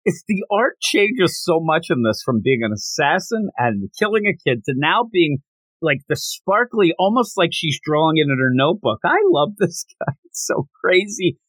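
Guy on a manga podcast recapping the story, lively up and down voice, kinda high, dry close mic. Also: moderate pace, no room sound. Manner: animated storyteller, acts out characters' lines. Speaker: podcast co-host. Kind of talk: casual chat, manga review.

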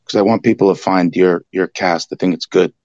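A man calling in to a live podcast, talking in a hushed, laid-back, halting way. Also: sits low, steady tone, dry recording, highs cut off. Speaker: caller. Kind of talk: casual call-in chat.

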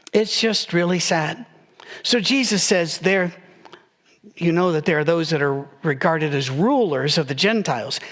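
Joking man preaching a sermon. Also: high voice. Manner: conversational, joking, with quick asides. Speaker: pastor.

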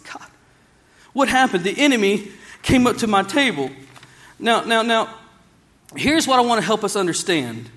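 A man with a high speaking voice preaches to his congregation. He is emphatic and repeats phrases, often stumbling and restarting to drive a point home. The sermon is given live in a church. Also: a bit bright. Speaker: pastor. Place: church service, also streamed to another campus.

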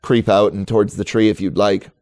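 A man's voice: fairly low pitch, fairly even intonation, fairly quick, a little mellow, soft background music. A man running a tabletop game as game master, describing scenes in a chatty, laughing way.

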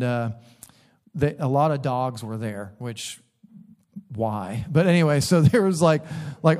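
Preaching in a church sanctuary, this middle-aged pastor has a mellow, mid-range voice. He tells a story marked by laughter and sudden emphatic bursts.

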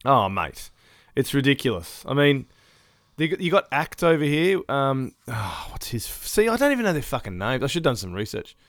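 A man's voice: mid-range voice, very animated, moderate pace, a bit bright, no echo, studio quality. Ranting, sweary man. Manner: ranty, sweary, laughs mid-sentence. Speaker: podcast co-host. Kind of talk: casual chat.

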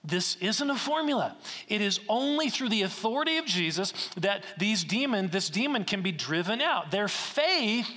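Bright-voiced preacher in a reverberant hall. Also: male voice, high-pitched, sing-song, moderate pace, hardly any pauses. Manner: earnest, conversational preaching with rhetorical questions. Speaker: pastor. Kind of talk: sermon.

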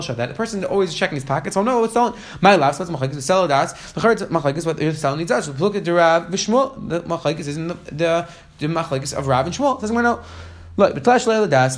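Fast-talking man teaching Talmud. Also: a little high, fairly bright tone. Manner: fast, chanting the text then explaining in casual English. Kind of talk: rapid Talmud class, reading and translating.

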